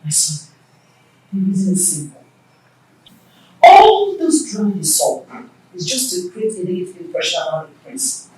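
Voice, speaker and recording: A woman's voice: lowish voice, normal speed, pauses often. A wise royal mother. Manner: calm, persuasive counselling. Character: wise royal mother counselling son and king. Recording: very echoey room from far off.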